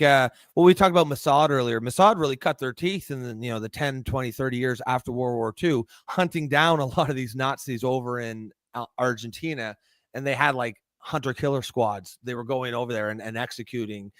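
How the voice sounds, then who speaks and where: A man's voice: medium pitch, brisk, a bit bright, no room sound, clean studio sound. A man co-hosting a casual political podcast, talking in rambling sentences with many restarts. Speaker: co-host.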